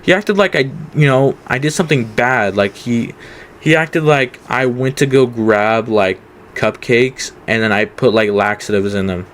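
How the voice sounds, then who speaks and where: A man's voice: mid-range voice, measured pace, a bit bright. A young man telling a casual storytime, rambling with many fillers. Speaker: vlogger.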